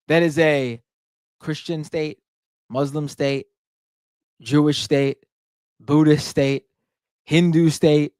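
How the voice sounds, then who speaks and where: A man's voice: fairly high pitch, flat delivery, slow, pauses often, a little mellow, no room sound, clean studio sound. A man hosting a live stream, reading super chats aloud and ranting in a casual, profane, indignant way. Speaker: livestream show host.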